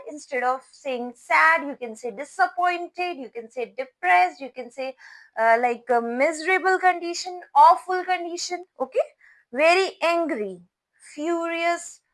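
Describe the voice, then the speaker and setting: A woman's voice: high voice, fairly bright tone, roomy sound, rough recording. A woman teaching vocabulary, spelling words out letter by letter and repeating phrases. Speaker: English teacher. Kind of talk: slow spoken vocabulary lesson.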